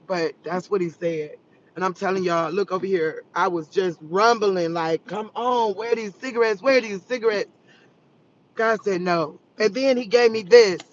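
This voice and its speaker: Woman live on her phone in the car, teary and fired up, kinda muffled with faint hiss. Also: on the low side. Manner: tearful, fervent preaching, laughing through tears. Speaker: vlogger going live. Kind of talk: emotional live-stream testimony.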